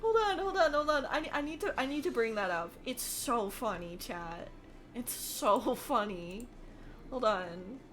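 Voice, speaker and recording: A woman's voice: on the high side, lively intonation, unhurried, fairly bright tone, faint music behind. Giggly woman streamer chatting. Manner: chatty, giggly, addresses chat. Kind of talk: casual livestream chat.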